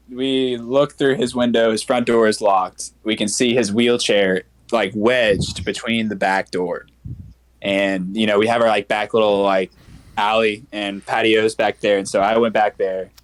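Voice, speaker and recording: A young man on a casual podcast, telling a story in a halting way with many restarts. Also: on the low side, steady tone. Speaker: podcast co-host. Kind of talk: casual chat.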